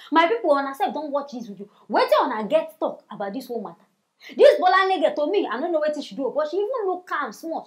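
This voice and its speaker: A woman with a Nigerian accent hosting a comedy news show, giving mocking, animated commentary and addressing her viewers directly. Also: high voice. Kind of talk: commentary in Pidgin.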